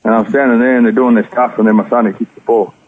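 A man's voice: mid-range voice, flat delivery, quick pace, slight background noise. An Australian man telling his life story as an interview guest, in an earnest, rambling way. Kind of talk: personal testimony. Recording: tinny phone-like radio audio.

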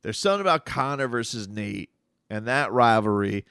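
A man's voice: medium pitch, animated, moderate pace, a bit bright, clean tone, no room sound, studio quality. A man talking through sports news in casual commentary, rambling and conversational with frequent restarts.

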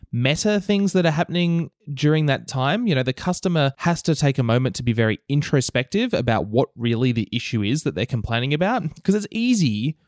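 A man's voice: mid-range voice, dry recording, studio quality. A man co-hosting a podcast, talking in a thoughtful, analytical way with casual asides. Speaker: podcast co-host. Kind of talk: reflective podcast talk.

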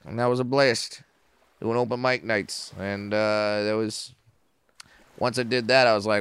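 A man in his forties, a comedian guest on a podcast, telling stories in a profane, animated way and acting out quotes. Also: fairly low pitch, a little slow, clear, resonant tone. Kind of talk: casual podcast interview storytelling. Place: podcast studio.

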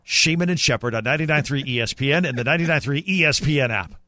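A man's voice: a little high, very fast, loud music behind the voice. A man co-hosting a sports radio show, blunt and teasing, who also reads the station plugs. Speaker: radio co-host.

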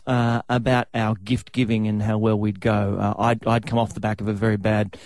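A man's voice: on the low side, little pitch movement, normal speed, a little mellow. A man hosting a sports radio show, with upbeat presenter patter. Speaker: radio host. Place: radio studio. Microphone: studio mic.

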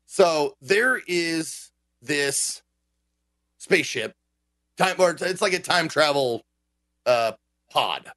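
Speaking slowly with long pauses, this man has a slightly high voice on a dry recording. He's a game streamer ranting animatedly during a casual podcast chat, with frequent swearing.

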